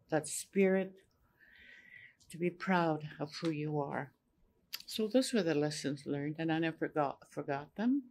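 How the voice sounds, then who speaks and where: An older woman whose first language is Cree tells a personal story as an elder on a panel. She speaks gently and unhurriedly and often repeats phrases. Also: deep voice. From Saskatchewan, Canada.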